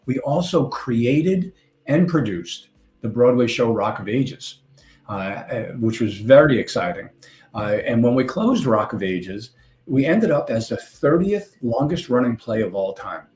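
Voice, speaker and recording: An older man with a Long Island, New York accent gives a conference presentation from a stage, his middle-pitched, darkish voice ringing out in a roomy hall. He's animated and a little slow, speaking loosely and conversationally with small jokes and asides.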